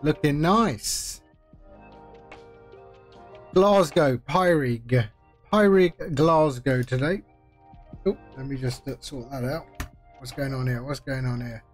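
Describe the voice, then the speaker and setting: A man streams a flight simulator, talking through each step in a casual way with friendly asides. His voice is medium-pitched and a little slow, with faint music playing behind him.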